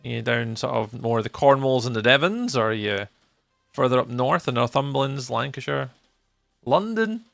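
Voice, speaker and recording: A man's voice: medium pitch, fairly quick, gravelly, fairly bright tone, dry recording, soft background music. A Scottish man live-streaming a game, chatting with viewers and muttering to himself as he plays. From Scotland. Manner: chatty, answers chat readers by name, mutters to himself while playing. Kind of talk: live-stream chat while gaming.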